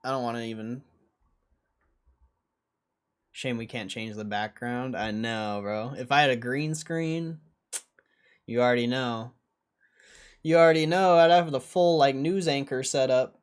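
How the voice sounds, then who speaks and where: A young man rambles through a casual livestream, joking and laughing to himself as he sets things up. His voice sits in an ordinary middle pitch, loose and unpolished. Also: a little slow, long pauses, clear, resonant tone. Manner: joking, rambling self-talk with frequent laughs. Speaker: streamer.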